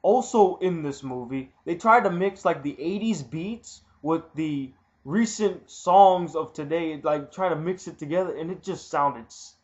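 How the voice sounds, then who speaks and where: A man's voice: fairly high pitch, a little slow, few pauses, darkish tone. A man giving a casual movie review in a blunt, candid way, repeating himself for emphasis, in a muffled lo-fi recording.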